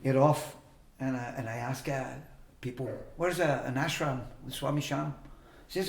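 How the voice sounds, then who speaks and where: A man's voice: medium pitch, moderate pace, vocal fry. Older man, storytelling interview guest, mimics quoted voices, echoey room. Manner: rambling anecdotes, acting out quoted voices. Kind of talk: storytelling in casual conversation.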